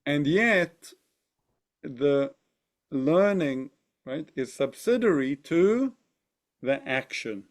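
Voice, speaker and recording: Slow, thoughtful man teaching a class. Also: fairly high pitch, expressive. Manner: thoughtful, often asks "right?". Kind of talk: text study lesson.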